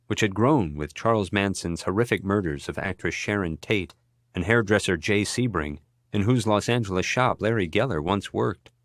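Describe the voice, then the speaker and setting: A man narrating an audiobook in an even, measured reading style. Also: lowish voice, dry recording, clean studio sound. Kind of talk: scripted narration.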